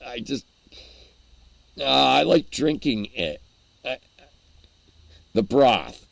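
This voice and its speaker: A man's voice: medium pitch, sing-song, extremely slow, gravelly, dry recording. A man hosting a casual livestream, rambling and chuckling as he answers his chat while eating. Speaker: livestream host.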